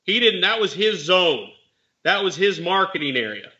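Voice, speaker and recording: A man's voice: high-pitched, sing-song, moderate pace, sharp tone, muffled recording. A man, a real estate investor and mentor, telling a story in casual chat and explaining legal points plainly with animation.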